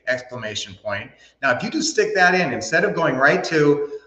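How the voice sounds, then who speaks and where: A man's voice: mid-range voice, expressive, moderate pace, fairly bright tone. Folksy rambling man in a roomy room. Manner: folksy, rambling, with many fillers and restarts. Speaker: host. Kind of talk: casual livestream advice talk. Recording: roomy, dull lo-fi sound.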